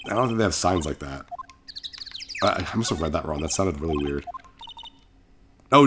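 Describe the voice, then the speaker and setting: A man's voice: low voice, very animated, normal speed, pauses often, background noise. A man in his thirties playing a game on his channel, chatting casually, reading out dialogue, and rambling with lots of self-corrections. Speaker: gaming channel host.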